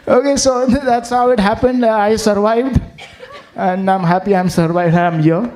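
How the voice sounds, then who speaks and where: A man with a high voice tells a story at an unhurried pace, and he laughs through much of it. As a tour manager, he acts out the dialogue of the people in his anecdote with lively energy. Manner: laughing, animated anecdote-telling with acted-out dialogue. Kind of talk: storytelling at a farewell event. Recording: online webinar audio.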